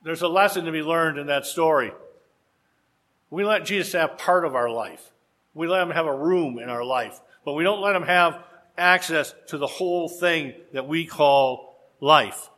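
A man preaching a sermon, telling a story with rhetorical questions and dramatic pauses. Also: a little high, pushed and bright.

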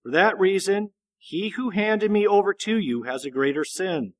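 A man voicing a composed male prisoner in a quiet, even Bible reading. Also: high voice, normal speed, close to an everyday voice. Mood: solemn. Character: calm, composed male prisoner speaking of authority.

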